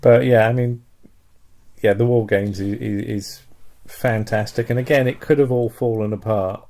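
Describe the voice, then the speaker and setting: A man co-hosting a podcast in casual chat, chatty with quick asides. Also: on the low side, fairly even intonation, darkish tone. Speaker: podcast co-host.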